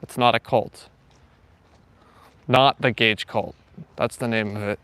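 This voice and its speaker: A man's voice: mid-range voice, steady tone, slow pace, fairly bright tone, clear, resonant tone, no room sound. A man hosting a casual morning live stream from a walk outdoors, joking playfully and answering viewers' comments. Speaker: livestream host.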